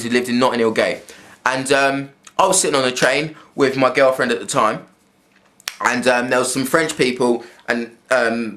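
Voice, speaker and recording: A man's voice: mid-range voice, fairly bright tone. A young man, talking in a blunt, rambling vlog monologue full of swearing and restarts. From England. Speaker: vlogger. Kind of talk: casual spoken monologue.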